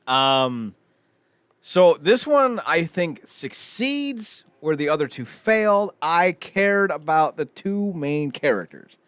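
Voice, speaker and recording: A man co-hosts a casual podcast chat, his somewhat high voice leaping up and down with lively energy. He swears freely and laughs through his own stories. The sound is close and dry, with no room in it. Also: slow, clear, resonant tone, no room sound. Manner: animated, profane, laughs often. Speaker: podcast co-host.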